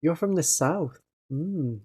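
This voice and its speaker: A streamer from northeast England with a Northeast English accent, chatting casually on a livestream in a gentle voice and laughing often. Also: mid-range voice, takes it slowly, husky.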